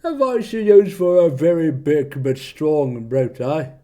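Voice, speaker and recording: A man voicing a big, strong, dim-witted brute who ends his lines with a loud "eh?". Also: fairly high pitch, sing-song, a little slow. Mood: bluff.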